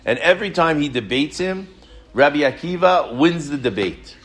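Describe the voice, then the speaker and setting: Man, Torah teacher, animated storytelling, rhetorical questions, slightly high pitch. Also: moderate pace, soft background music.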